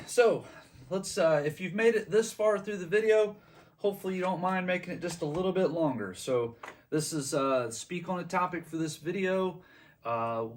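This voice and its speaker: A man's voice: on the high side, distant mic. A middle-aged man telling a story casually on his channel, rambling with many ums and restarts. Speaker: channel host.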